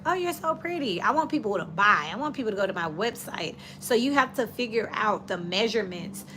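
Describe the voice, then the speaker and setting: A woman's voice: medium pitch, noisy background. A woman giving a casual tarot reading, talking in a chatty, direct, coaching way. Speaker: tarot reader.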